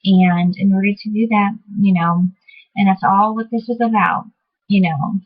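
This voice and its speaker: A vlogger teaching divination talks to camera in a loose, meandering way, often stopping to rephrase and filling gaps with fillers, self-corrections and little asides. Her breathy, slightly husky voice is medium in pitch, fairly even in intonation and at normal speed. The audio is muffled and lo-fi, like an older home video.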